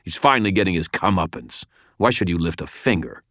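A man's voice: low-pitched, very animated, a little fast, a bit bright, dry recording. A man voicing a wealthy, stylish half-brother in an audiobook, with a dry, cutting and worldly manner. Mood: incredulous. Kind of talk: audiobook character voice.

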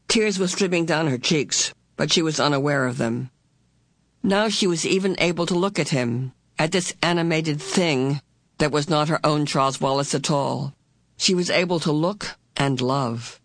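A woman narrating a storybook in a slow, deliberate, heartfelt way, lifting into the characters' voices for their lines. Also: low-pitched, no room sound, studio quality. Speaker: audiobook narrator. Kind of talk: expressive storybook reading.

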